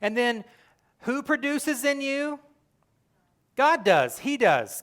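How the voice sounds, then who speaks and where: A young adult male pastor giving a sermon, telling the story with lively, acted-out quotes and earnest direct address. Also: very high voice, slow pace, long pauses. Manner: animated storytelling, acting out quoted lines.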